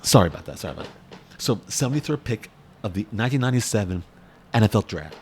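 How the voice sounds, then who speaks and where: Excitable man rambling through sports commentary. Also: lowish voice, fast, slight background noise. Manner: excitable, rambling, repeats words. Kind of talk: casual sports commentary vlog.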